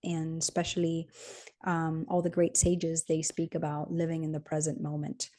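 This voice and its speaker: A woman hosting an interview, speaking thoughtfully and gently, pausing to search for words. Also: deep voice, monotone. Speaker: host. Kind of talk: reflective interview talk.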